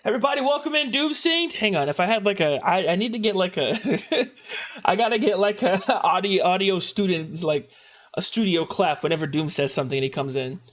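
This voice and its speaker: Animated young man streamer, high voice. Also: normal speed. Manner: animated, joking, laughs often, mock outbursts. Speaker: streamer host. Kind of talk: casual stream chat.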